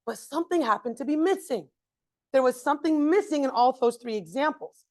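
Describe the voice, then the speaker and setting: A woman with a fairly high voice leads a workshop for parents in a relaxed lecturing style. She keeps the room with her through constant little "right?" and "okay?" check-ins. Now and then she slips into acting out an exasperated parent. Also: a little fast. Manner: acts out frustrated parents in exaggerated quoted voices.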